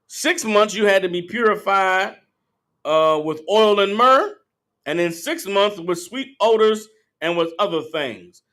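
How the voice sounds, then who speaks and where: A Bible teacher with a high, sharp-toned voice speaks unhurriedly in call-and-response scripture teaching. He's emphatic and profane, and checks in with his listeners.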